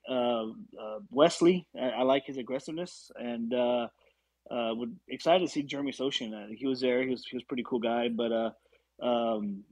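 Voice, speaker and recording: A man's voice: mid-range voice, a little mellow, no room sound, rough recording. A man calling into a casual basketball talk show, rambling easily and stumbling over his words. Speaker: caller. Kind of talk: casual chat.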